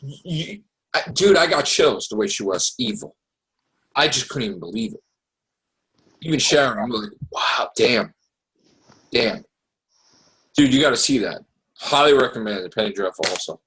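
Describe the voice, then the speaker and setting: A man hosting a casual podcast chat, recapping TV shows in an excitable, profane, animated way. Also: medium pitch, brisk, long pauses, poor audio. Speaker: podcast host.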